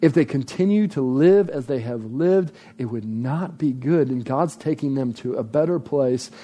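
A pastor preaching a sermon, emphatic, driving points home by repeating phrases. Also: male voice, medium pitch, warm tone.

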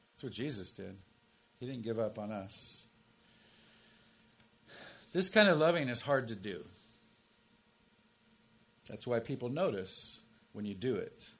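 A man in his sixties preaches as pastor with a middle-pitched voice. He punches key phrases loud and high, then drops to soft, low asides. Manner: emphatic, rises to forceful stresses then drops low and quiet. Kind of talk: sermon.

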